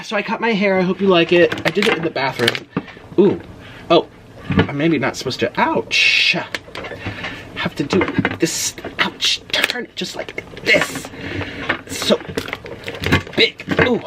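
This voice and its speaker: A young woman hosting a casual eating-show vlog, gasping and exclaiming as she talks. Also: deep voice. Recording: noisy home recording.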